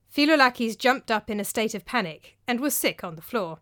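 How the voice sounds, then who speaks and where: A woman's voice: medium pitch, moderate pace, hardly any pauses, dry recording, studio quality. A woman narrating a storybook tale expressively. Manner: expressive, animated. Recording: faint background music.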